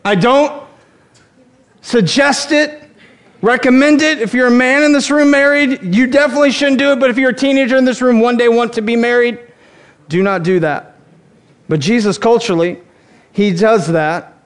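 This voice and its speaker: Guy preaching a sermon, really high voice, jokey and animated, acts out little quotes. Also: normal speed. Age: adult, married. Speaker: pastor.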